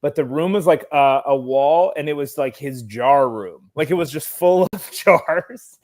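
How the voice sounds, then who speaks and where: A man's voice: fairly high pitch, darkish tone. A man chatting casually, telling a rambling anecdote with plenty of fillers. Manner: chatty, rambling, with quick reactions and laughs. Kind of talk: casual chat.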